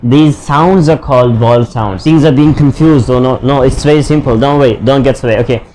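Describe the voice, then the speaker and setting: A man's voice: medium pitch, dark tone, slight background noise, poor audio. Man teaching a lesson. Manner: explains slowly with many fillers and restarts. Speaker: English teacher. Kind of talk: online English lesson.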